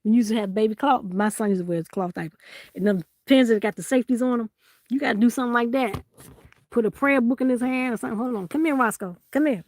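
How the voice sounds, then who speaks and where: A woman's voice: mid-range voice, creaky, darkish tone, no room sound. A woman hosting a live-stream sale in casual chat, teasing and laughing as she reads out viewers' comments.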